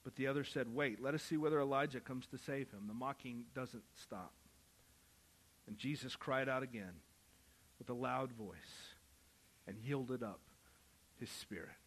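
A man preaching a sermon, moving from quiet Bible reading to loud, impassioned calls. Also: medium pitch. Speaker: pastor.

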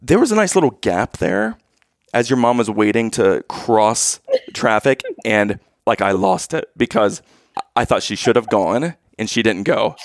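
A man telling a funny family story in casual chat, acting out his own past lines with loud outbursts. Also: medium pitch, very animated, unhurried, creaky, dry recording, clean studio sound.

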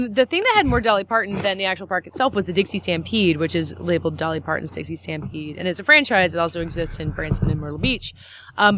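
Fast-talking chatty young woman host. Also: medium pitch, fairly bright tone, slight background noise. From Southern United States. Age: young adult. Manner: chatty, rambling, full of "like" and "um". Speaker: podcast co-host. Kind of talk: casual chat and interviewing.

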